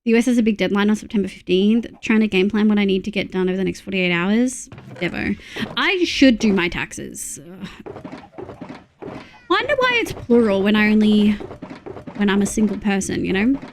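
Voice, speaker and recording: Her voice is mid-range with big swings in pitch and a normal speed, over a slight hiss or hum. Streaming a game with an Australian accent, she complains and curses liberally while talking to the people watching.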